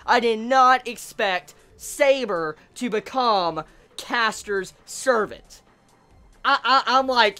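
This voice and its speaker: A woman's voice: high voice, lively intonation, measured pace, a bit bright, soft background music. A woman giving a casual ranting review, exasperated, stammering and swearing a lot. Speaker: anime reviewer.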